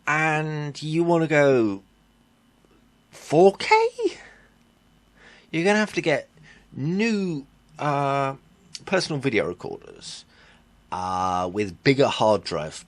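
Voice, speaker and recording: A man's voice: medium pitch, no echo. A man ranting in a tech vlog, blunt and exasperated, swearing casually and correcting himself as he goes. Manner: halting with fillers and self-corrections. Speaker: vlogger.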